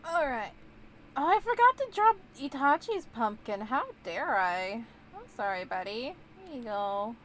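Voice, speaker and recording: A young woman chats through a game stream in a bubbly, giggly way. Her voice sits a little high, and she talks at an unhurried, drawn-out pace. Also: very animated, fairly bright tone, slight background noise. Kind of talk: casual gameplay chat.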